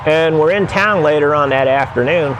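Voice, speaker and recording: A man's voice: fairly high pitch, moderate pace, noisy background. A man telling wry, rambling stories about his sailing travels in a casual, laid-back way. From United States. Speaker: vlogger recounting sailing travels. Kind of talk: casual storytelling.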